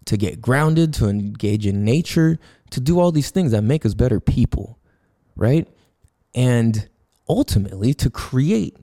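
Profane, loose-talking male podcast host. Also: mid-range voice. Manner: loose and profane, with lots of fillers and restarts; animated storytelling, acts out sounds and his own quoted thoughts. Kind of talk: casual monologue.

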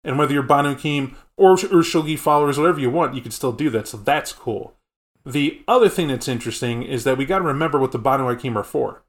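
A man's voice: mid-range voice, fast talker. A man co-hosting a casual podcast, explaining tabletop game lore in a rambling, conversational way. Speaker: podcast co-host.

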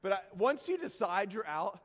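A man preaching by telling a self-deprecating personal story, animated and prone to sudden shouts. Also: high voice, moderate pace, in a large hall. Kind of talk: sermon storytelling.

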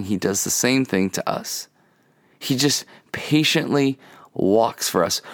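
A man preaching with earnest, animated delivery, stretching out words for weight. His voice sits at an ordinary middle pitch. The recording is dry and close, with no room sound. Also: no room sound. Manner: earnest, animated, slows down to emphasize. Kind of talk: sermon-style teaching talk.

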